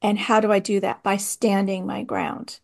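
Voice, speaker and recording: A woman's voice: mid-range voice, flat delivery, normal speed, vocal fry. Reflective woman hosting an interview. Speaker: interview host. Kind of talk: conversational interview.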